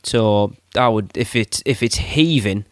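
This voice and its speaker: A man with a fairly low voice chats casually on a podcast, swapping practical tips with friends. The sound is dry and close to the mic, with nothing around it. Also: unhurried, dry recording. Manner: chatty, gives practical tips. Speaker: podcast co-host. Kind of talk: casual chat.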